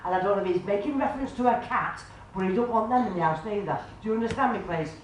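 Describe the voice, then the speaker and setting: A woman's voice: mid-range voice, fast. A woman giving a live spiritualist reading to an audience, chatty and homely, calling the sitter love and sweetheart and constantly asking "do you understand, please?". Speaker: spiritualist medium. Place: club function room. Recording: very echoey room, far mic, faint noise.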